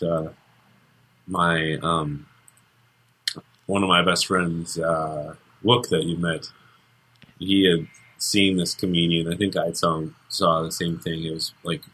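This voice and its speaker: A man's voice: deep voice, little pitch movement, a little slow, fairly bright tone, breathy edge. A man in casual chat, telling rambling stories with lots of fillers. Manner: rambling storyteller, many fillers and restarts.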